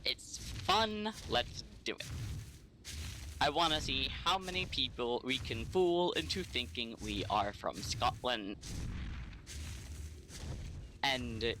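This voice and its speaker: An American man chatting casually on a game stream, telling stories in a relaxed way with wry asides. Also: medium pitch, slow pace, pauses often, slight background noise. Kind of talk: casual chat while gaming.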